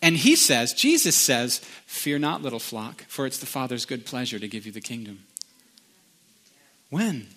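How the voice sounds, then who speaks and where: Southern preacher guy, middle-aged, bright ringing voice, chatty sermon w/ bits of singing. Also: mid-range voice, big pitch swings, moderate pace. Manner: conversational storytelling with sung snippets. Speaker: pastor.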